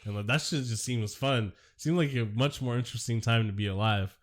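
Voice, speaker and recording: A man's voice: medium pitch, brisk. A man co-hosting a podcast in casual chat, rambling and swearing, laughing often, sick with a cough. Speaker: podcast co-host.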